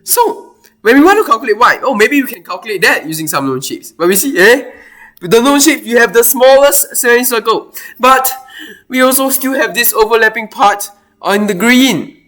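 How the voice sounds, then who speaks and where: A man's voice: very high voice, expressive, normal speed, bright, forceful tone. A man explaining a math problem step by step, thinking aloud with lots of exclamations. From Singapore. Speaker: math teacher.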